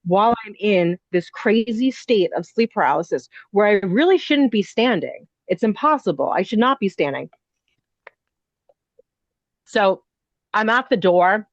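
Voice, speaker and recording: This inn owner, a podcast guest, has a medium-pitched voice with no echo, captured in dull, dry lo-fi sound. Her ghost story from her own life spills out breathless and rambling, peppered with "like" and "you know."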